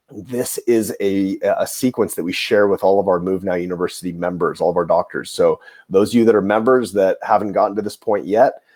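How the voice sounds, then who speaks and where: Fast, husky-voiced chiropractor host. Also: male voice, low-pitched, a little mellow. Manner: rushed and self-admittedly fast-talking. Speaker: chiropractor and coaching program host. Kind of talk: quick how-to talk to fellow clinicians.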